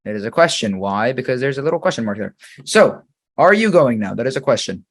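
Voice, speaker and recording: A man teaching an English grammar lesson, reading example sentences slowly and quizzing the viewer patiently. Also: medium pitch, very animated.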